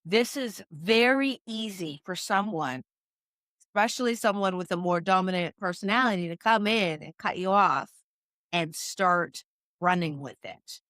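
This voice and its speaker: A woman talks listeners through advice on a podcast, in an unhurried and deliberate way. Her pitch sits in the ordinary middle range for a woman. The sound is close and dry, with no room around it. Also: fairly bright tone, no room sound. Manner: measured, coaching tone with frequent "right?" check-ins. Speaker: communication coach. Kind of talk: instructional podcast talk.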